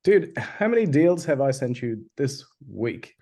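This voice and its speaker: Jokey male co-host, mid-pitched voice. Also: sing-song, mellow. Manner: quick, jokey, interjecting. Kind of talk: casual chat on a live online call.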